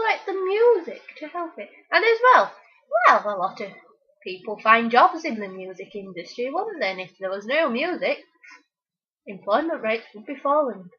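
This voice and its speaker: A teenage girl chatting casually and giving rambling, opinionated answers full of fillers. The recording is a dull, lo-fi home recording. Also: high voice. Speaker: interviewee. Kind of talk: casual chat.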